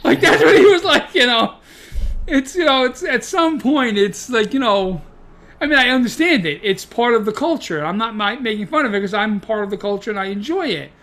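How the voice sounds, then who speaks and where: Speaking briskly in a very high voice, this podcast host, who also teaches Kung Fu, swears a lot and laughs often while animatedly telling stories in a laid-back conversation.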